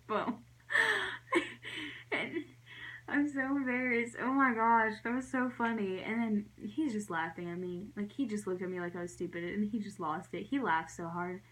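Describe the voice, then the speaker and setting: Young woman, casual vlog storytelling, giggly, rambling, filler-heavy, soft whispered asides, middle pitch. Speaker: vlogger.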